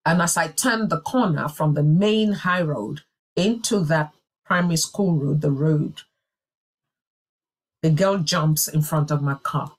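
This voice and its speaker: A woman's voice: low-pitched, measured pace. A woman telling a personal testimony in a sermon, in an earnest and emphatic way. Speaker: church speaker.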